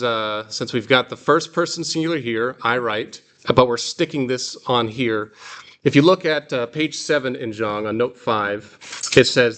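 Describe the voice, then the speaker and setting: A man's voice: mid-range voice, fairly bright tone. A man teaching a Greek reading class, explaining patiently with examples. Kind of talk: classroom lesson.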